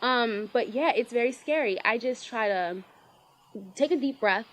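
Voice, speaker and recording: A woman's voice: on the high side, measured pace, low-quality recording. A woman, chatting bubbly and casually as an interview guest, full of "like" and "um". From Baltimore, Maryland. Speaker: pageant titleholder guest.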